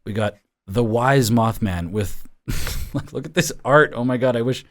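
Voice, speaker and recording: A man in a loose, casual podcast chat, stopping and starting as he reads card rules aloud. His voice sits at a middling pitch. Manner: reads card text aloud, halting with fillers. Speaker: podcast host.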